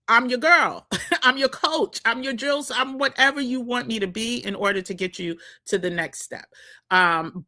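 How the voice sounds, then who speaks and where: Speaking in a bright, forceful, slightly high voice, a New York-accented woman talks casually to her vlog viewers as a social media coach. She laughs often as she chats.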